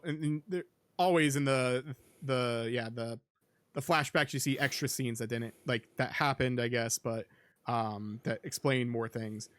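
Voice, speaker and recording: A man's voice: mid-range voice, a little slow, fairly bright tone, dry recording. A man hosting a podcast, recapping a film in casual chat, rambling with lots of ums and likes. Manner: rambling, filler-heavy, with many ums and likes. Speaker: podcast host.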